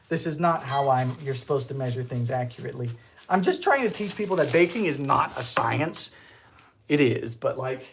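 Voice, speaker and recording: A man's voice: a little high, slight background noise. A man hosting a casual baking livestream from his home kitchen, chatting playfully, reading viewer comments and bursting into goofy laughter. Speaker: baking show host.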